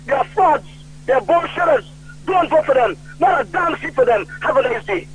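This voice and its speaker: A man calling in to a radio talk show, ranting loudly about politics and retelling old conversations. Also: very high voice, expressive, moderate pace, a little hiss or hum. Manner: loud and heated, retelling quoted conversations. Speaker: radio call-in caller. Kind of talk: political rant on a call-in show. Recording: tinny phone line.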